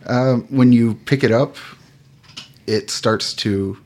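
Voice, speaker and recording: A man narrating as game master of a tabletop game, relaxed and hesitant with many fillers. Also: mid-range voice, takes it slowly.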